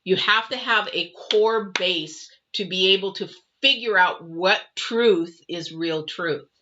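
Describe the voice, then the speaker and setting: A woman's voice: lowish voice, slow pace, lo-fi sound, background noise. A middle-aged woman hosting a live tarot and astrology reading, speaking earnestly and repeating her points straight to the viewers. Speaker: tarot reader and livestream host.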